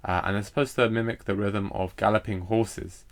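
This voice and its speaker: A man's voice: on the low side, fairly even intonation. A man teaching a recorded poetry lesson, hesitant and full of fillers as he explains meter. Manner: hesitant, lots of fillers and restarts; reads poetry lines aloud slowly with stress.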